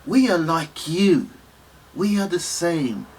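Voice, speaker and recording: A British man in his fifties, giving an earnest, impassioned monologue to camera, halting often and restarting his sentences. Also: a little high, sing-song, slight background noise, poor audio. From United Kingdom, Nigerian family. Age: 50s. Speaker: vlogger.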